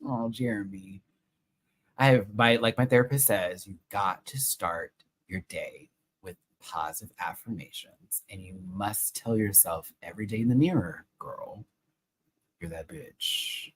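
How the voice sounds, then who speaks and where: A young man chatting casually on a live stream review, excitable and swearing often. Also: fairly low pitch, normal speed, a little hiss or hum, poor audio.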